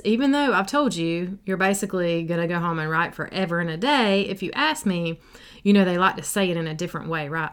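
A woman's voice: on the low side, lively intonation, brisk, clean tone. Bubbly woman podcast host. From South Carolina, USA. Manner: bubbly, chatty, silly and sassy, lots of "like". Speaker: podcast host and life coach. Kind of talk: casual solo podcast chat. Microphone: podcast microphone.

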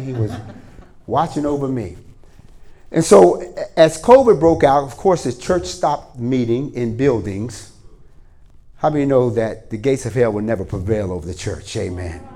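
Guy preaching in church, warm mellow voice, lively storytelling. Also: medium pitch. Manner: starts with hushed prayer, then lively storytelling with voiced characters. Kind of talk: sermon. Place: church hall before a congregation.

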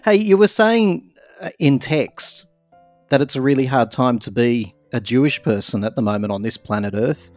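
A man's voice: mid-range voice, moderate pace, soft background music. A man with an Australian accent hosting an interview podcast, asking friendly, probing questions. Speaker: podcast host.

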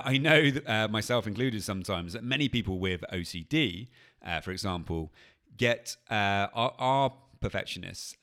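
A man, calmly and patiently explaining a technique on a coaching podcast. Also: on the low side. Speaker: anxiety coach. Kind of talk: podcast teaching.

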